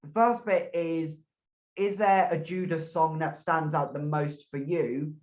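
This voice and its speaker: A man's voice: fairly high pitch, fairly even intonation, unhurried, echoey room, lo-fi sound. A man hosting a casual interview podcast, joking and riffing on his guest's stories. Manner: jokey, riffs on the guest's story, laughs often. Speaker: podcast host.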